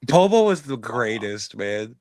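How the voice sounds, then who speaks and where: A man's voice: medium pitch, big pitch swings, a little slow, crowd noise. A man co-hosting a podcast, cracking crude jokes and laughing along in casual banter. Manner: joking, laughs at his own lines. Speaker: podcast co-host.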